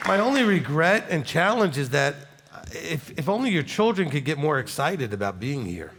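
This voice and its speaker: A man's voice: fairly high pitch, big pitch swings, normal speed, background noise. A man, a rabbi, chatting animatedly while answering congregation questions, with many okays. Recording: long hall reverb.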